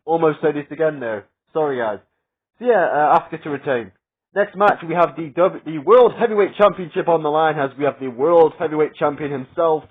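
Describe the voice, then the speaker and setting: A man's voice: fairly high pitch, a little fast, husky. Tinny-sounding man rambling through predictions. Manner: rambling, filler-heavy, chuckles at his own asides. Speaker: wrestling predictions vlogger. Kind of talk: casual solo predictions commentary.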